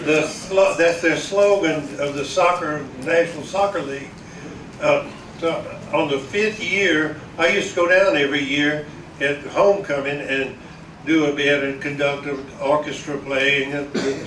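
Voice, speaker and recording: A man's voice: a little high, a bit bright, distant mic, slight background noise. Folksy older man in an echoey hall. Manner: chuckling, folksy, meandering with restarts. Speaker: veteran broadcaster giving a speech. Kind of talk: rambling storytelling to an audience. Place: large echoey event hall.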